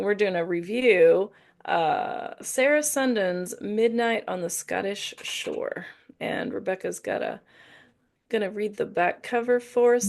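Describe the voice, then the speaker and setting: A chatty woman co-hosting a book podcast in a rambling, easygoing way. Her voice carries a noticeable gravelly fry at a middle pitch. She circles back and corrects herself as she talks. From Indiana, USA. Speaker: podcast co-host. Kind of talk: casual book-review chat.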